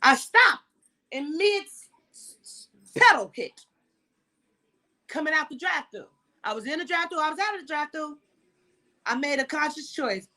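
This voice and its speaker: Woman host, high voice, very lively pitch, profane animated storytelling. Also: normal speed, long pauses, rough recording. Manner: animated, profane, acts out dialogue. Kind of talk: casual storytelling chat.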